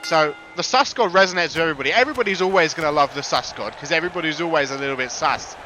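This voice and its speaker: A man giving excitable, jokey live wrestling commentary who bursts into big ring introductions. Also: on the high side, rapid-fire, noisy background.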